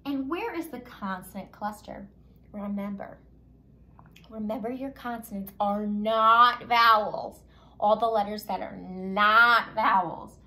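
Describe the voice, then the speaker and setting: A woman teaching a phonics lesson to young children, sounding out letters slowly and with exaggeration, and prompting and praising the class in an upbeat way. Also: mid-range voice, sharp tone.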